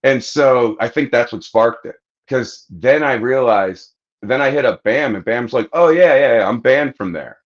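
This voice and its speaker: A medium-pitched man on a podcast takes an unhurried approach to a long, animated tale told in casual chat, full of swearing and acted-out quotes. The sound is lo-fi.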